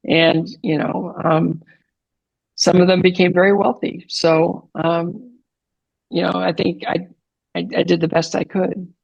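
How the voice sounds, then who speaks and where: Earnest man telling his story, gravelly. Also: high voice, a little slow, no echo, highs cut off. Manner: earnest, animated retelling with frequent fillers. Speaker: podcast guest. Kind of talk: storytelling interview answer.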